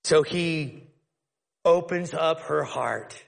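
A man's voice: fairly high pitch, animated, takes it slowly, gravelly, a bit bright. A man preaching a conversational sermon, retelling a Bible story and acting out its characters. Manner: conversational, storytelling, acts out the scene. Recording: long hall reverb.

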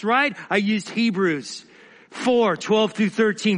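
A man preaching a sermon, dramatic, swinging between emphatic lines and quiet, hushed asides. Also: high voice, takes it slowly, in a large hall.

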